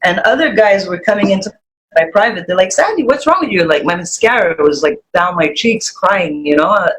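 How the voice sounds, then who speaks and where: Swearing, animated woman telling a story. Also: normal speed, slight background noise, low-quality recording. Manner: animated storyteller, swears freely, voice jumps high when quoting. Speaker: guest. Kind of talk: casual podcast chat.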